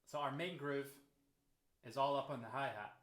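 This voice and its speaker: A man, a drum teacher calmly explaining a groove and counting beats aloud. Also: mid-range voice, moderate pace. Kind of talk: instructional explanation. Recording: roomy echo.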